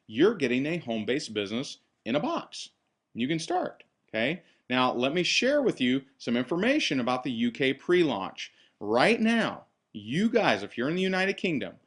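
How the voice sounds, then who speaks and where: A man makes an energetic sales pitch in a voice of ordinary pitch. He keeps it upbeat and salesy, pressing his points as he hosts. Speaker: host. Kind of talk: sales presentation on a call.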